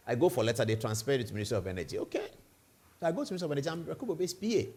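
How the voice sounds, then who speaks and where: A man's voice: medium pitch, lively intonation, racing, darkish tone, husky. A man with a Ghanaian accent hosting a live evening TV talk show, asking rhetorical questions and spinning hypothetical stories in the first person. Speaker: TV show host.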